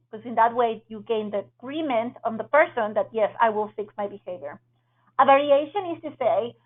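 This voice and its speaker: A woman's voice: fairly high pitch, animated, brisk. A woman presenting a leadership training webinar. She teaches step by step and often checks in with "right?". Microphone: video call. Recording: phone-like webinar audio.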